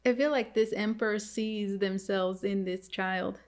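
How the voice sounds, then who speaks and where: A woman giving a casual tarot reading to viewers, halting and repetitive, often turning to address them directly. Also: mid-range voice, steady tone, darkish tone. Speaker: tarot reader.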